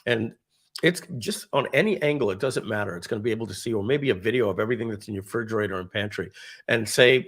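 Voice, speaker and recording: Man, low voice, gravelly, casual live-stream presenter, rambling, enthusiastic, lots of fillers. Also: fast talker, fairly bright tone. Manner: rambling and enthusiastic, many fillers and restarts, acts out quoted dialogue.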